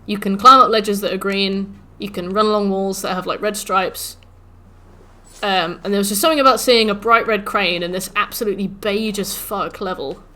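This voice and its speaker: A young woman talks over her game stream, her voice bright and clear. She rants animatedly, swears freely and acts out the game taunting her in a mocking tone. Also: mid-range voice, normal speed. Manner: animated ranting, swears, mimics the game's taunts. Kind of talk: casual livestream chat while gaming.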